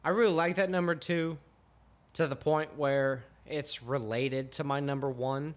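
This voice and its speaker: Chatty American man, slightly high voice. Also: steady tone, unhurried. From United States. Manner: chatty, rambling with restarts. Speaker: podcast co-host. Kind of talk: casual chat.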